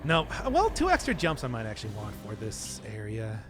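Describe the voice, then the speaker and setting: Young male streamer, lively, higher-pitched, chatty and self-mocking, faint music behind. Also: a little fast. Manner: laughs often, answers chat, self-mocking. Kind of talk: casual gameplay commentary.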